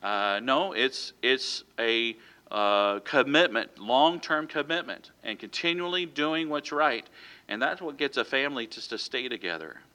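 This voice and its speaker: A man delivers a sermon with a very bright, ringing tone. He speaks in a loose, conversational way, breaking off with fillers and restarting his sentences. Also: mid-range voice, expressive, a little slow. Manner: conversational, many fillers and self-corrections. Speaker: pastor.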